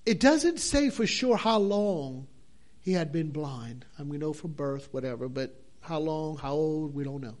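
Slow-preaching high-voiced man. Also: animated, darkish tone. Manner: fervent, drawn-out preaching with repeated phrases. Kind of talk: sermon.

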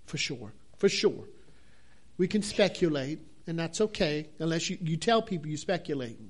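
A man's voice: on the high side, expressive, moderate pace. A man preaching a sermon, fervent and drawn out, repeating his phrases for emphasis.

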